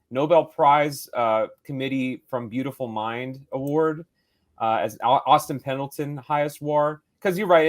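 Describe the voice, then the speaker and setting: A man co-hosting a movie review podcast, talking in a rambling, playful, opinionated way. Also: a little high. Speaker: podcast co-host. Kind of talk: casual movie review chat.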